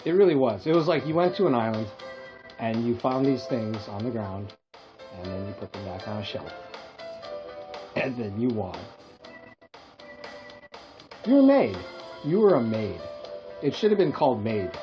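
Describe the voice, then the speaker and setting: A man's voice: lowish voice, expressive, normal speed, pauses often. A man from Hawaii co-hosting a podcast, telling rambling comic stories in casual chat and laughing at his own jokes. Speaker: podcast co-host. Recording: dull lo-fi podcast audio with faint music.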